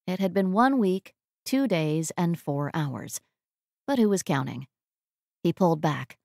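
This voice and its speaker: A woman reading a romantic comedy audiobook as narrator, in an even storytelling manner. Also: lowish voice, unhurried, creaky, no echo, clean studio sound. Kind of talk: scripted narration.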